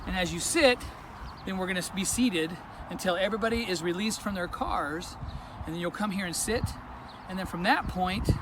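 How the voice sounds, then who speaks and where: A man who works at a school, walking outdoors while giving chatty step-by-step directions, a little out of breath, with many fillers. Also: high-pitched. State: slightly out of breath. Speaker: school administrator. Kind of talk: walkthrough video instructions. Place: outdoors at a school sports field. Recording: noisy outdoor phone recording.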